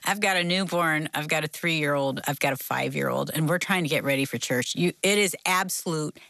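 Older lady cohost telling a story, bright clear voice, dry close mic, gets really animated. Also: low voice, fairly quick, no echo. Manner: animated storytelling, laughs often. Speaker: co-host. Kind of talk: casual podcast chat.

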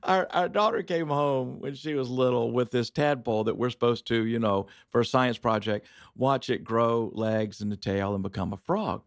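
A man, a pastor telling lively stories as a guest in a studio conversation. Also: medium pitch, normal speed, hardly any pauses, no echo. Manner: lively, acts out voices in his stories. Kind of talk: animated storytelling in a studio conversation.

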